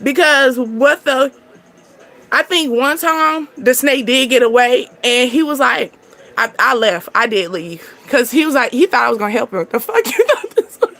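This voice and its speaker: A woman doing a casual tarot reading, chatty and animated, breaking into laughter as she tells stories. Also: on the high side, moderate pace. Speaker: tarot reader.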